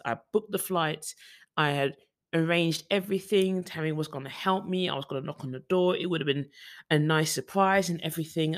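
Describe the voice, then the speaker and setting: A man's voice: fairly high pitch, fairly bright tone. A young man from the UK talking casually in a personal vlog, rambling with frequent restarts and fillers. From United Kingdom. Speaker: vlogger.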